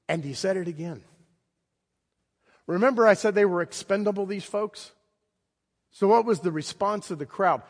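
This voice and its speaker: A man preaching a sermon in a conversational storytelling manner, with dramatic pauses. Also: high voice, lively intonation, creaky, slightly rough. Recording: long hall reverb.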